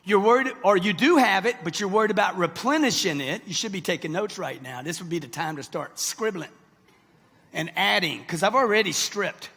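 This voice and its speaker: Expressive and high-pitched, the man speaks at normal speed with a sharp tone and a breathy edge. He is a motivational speaker in his sixties giving a punchy talk to a live crowd in an echoing event hall, repeatedly asking "okay?" and "right?".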